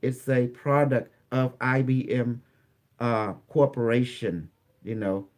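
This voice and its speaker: Halting man telling his story, English. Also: medium pitch, fairly even intonation, background noise. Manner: halting, repetitive storytelling with many restarts. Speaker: interview guest. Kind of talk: recounting a personal experience in an interview.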